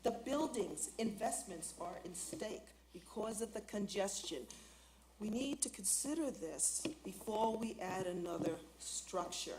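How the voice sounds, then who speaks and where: A woman's voice: medium pitch, expressive, a little slow, background noise. A woman resident speaking at a city council hearing, insistently objecting to a development. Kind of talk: public comment at council meeting. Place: council chamber.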